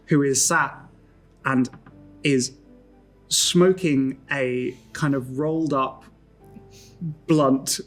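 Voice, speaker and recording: A man narrating as game master in a tabletop game, casual and full of fillers. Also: mid-range voice.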